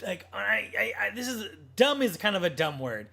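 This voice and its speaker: A man co-hosting a casual podcast chat, blunt and animated, swearing freely as he talks. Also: high voice, moderate pace, gravelly. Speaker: podcast co-host.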